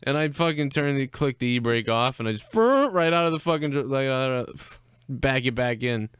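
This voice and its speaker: A man's voice: mid-range voice, normal speed, smooth, no echo. A young man co-hosting a live show, telling a long, profane story in a rambling, casual way. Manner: profane, rambling, animated when quoting others. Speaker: podcast co-host.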